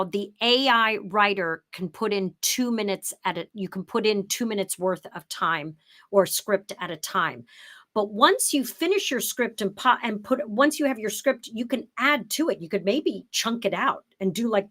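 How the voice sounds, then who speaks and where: A middle-aged woman leads an online workshop from her home office. She talks in a loose, chatty way, walking through her examples one step at a time. Now and then she slips into a crisp, emphatic broadcaster read to demonstrate. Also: mid-range voice, a bit bright. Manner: drops into emphatic, broadcaster-style read when showing the script. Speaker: workshop presenter.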